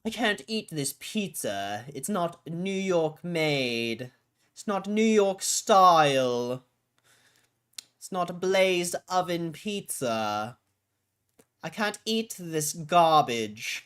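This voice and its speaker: Snooty pizza-snob guy, put on by a man: high, slow, nasal whining that keeps complaining. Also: big pitch swings, a bit bright, clear, resonant tone, exaggerated voice. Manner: whiny, drawn-out, exaggerated complaining.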